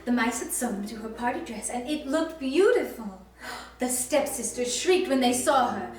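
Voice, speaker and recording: A woman reads a picture book aloud to small children in a sing-song storytelling voice, stopping to ask them questions. Her voice is fairly high and sounds distant, bouncing around an echoey room. Soft music plays faintly behind her. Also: moderate pace. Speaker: costumed children's storytime reader. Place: library program room.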